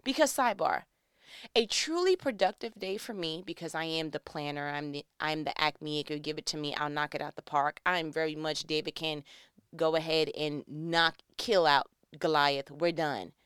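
A woman's voice: deep voice, moderate pace, a bit bright, clean tone, dry recording, studio quality. A woman in her thirties giving a casual devotional talk, acting out little scenes in other voices.

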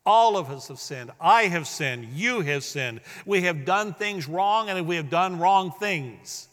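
A man preaching a sermon as pastor, swinging between hushed, drawn-out words and loud, emphatic bursts. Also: high voice, expressive. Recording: long hall reverb.

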